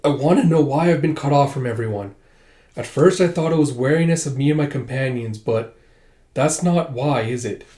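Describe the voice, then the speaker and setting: Indignant young princess, proud, quiet and measured, read by a man, echoey room, soft-spoken. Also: mid-range voice, close to an everyday voice. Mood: earnest.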